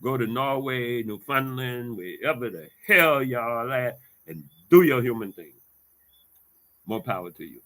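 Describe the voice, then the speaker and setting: A man delivering an angry, profane monologue to his viewers, ranting emphatically, repeating himself and swinging between loud bursts and low muttering. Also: animated, a little slow. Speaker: vlogger.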